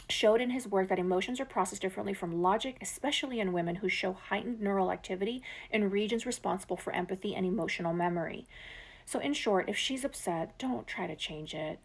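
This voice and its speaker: A woman giving a motivational relationship talk to men, speaking softly and coaxingly, slipping into whispers and checking in with the listener. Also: medium pitch, gravelly. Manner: soft, slow, coaxing delivery with whispered phrases. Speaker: relationship coach.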